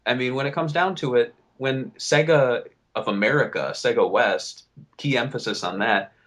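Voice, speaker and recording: A young man co-hosting a casual podcast, venting and riffing in an animated way, swearing freely. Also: mid-range voice, moderate pace. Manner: animated, swearing, riffs and vents. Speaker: podcast co-host.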